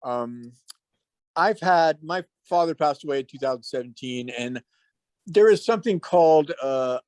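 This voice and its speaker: Male host, reflective and earnest, slightly higher voice, dry sound. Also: lively intonation, a little mellow, no echo. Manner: earnest and reflective, with many halting restarts. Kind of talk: casual talk.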